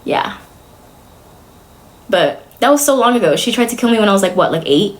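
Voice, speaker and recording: Chatting casually with her stream viewers, this young woman sounds animated, with a mid-range voice at normal speed. Her talk is loose and meandering, packed with fillers and punctuated by nervous laughter.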